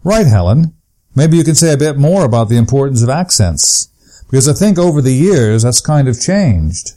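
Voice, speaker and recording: Lively, warm male interviewer. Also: medium pitch, normal speed. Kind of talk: interview questions.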